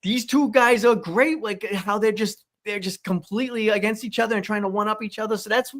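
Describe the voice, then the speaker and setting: A man's voice: sits high, a little fast, a bit bright. Easygoing male podcast guest. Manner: easygoing, laughs along. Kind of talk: casual review chat.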